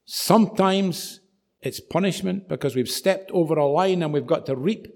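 Man, preacher, sermon, animated storytelling, dramatic emphasis, slightly high voice. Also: moderate pace, vocal fry.

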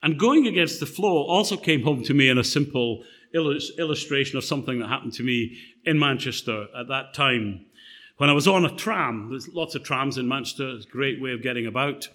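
A man's voice: medium pitch, brisk, fairly bright tone. A middle-aged man preaching a sermon in a conversational way, telling a personal story with fillers and restarts.

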